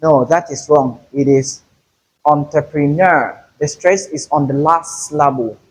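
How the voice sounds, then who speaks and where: A man teaching English pronunciation, saying each word slowly and more than once. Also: fairly high pitch, steady tone, breathy edge, rough recording. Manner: slow, deliberate, repeats each word carefully. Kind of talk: pronunciation lesson.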